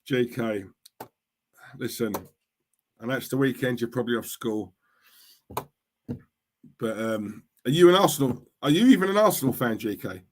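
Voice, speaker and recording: A man's voice: medium pitch, lively intonation, moderate pace, pauses often, a little mellow. A middle-aged man, ranting on a livestream and replying to chat, repeating himself and asking "yeah? right?" at every turn. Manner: fired-up, repetitive, asks "yeah? right?" constantly. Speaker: streamer, football fan. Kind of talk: livestream rant reading chat.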